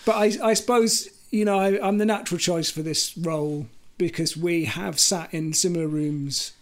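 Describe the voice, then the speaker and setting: A man's voice: fairly high pitch, steady tone, moderate pace. A man with a quavery voice, a guest on a comedy podcast, talking in a dry, playful way. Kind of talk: casual comedy chat.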